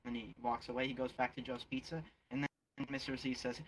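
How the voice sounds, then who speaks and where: A man's voice: medium pitch, flat delivery, a little fast, a bit bright, slight background noise. A young man casually retelling a movie scene in an online chat, rambling with lots of fillers. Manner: rambling, many fillers and restarts. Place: online virtual world chat.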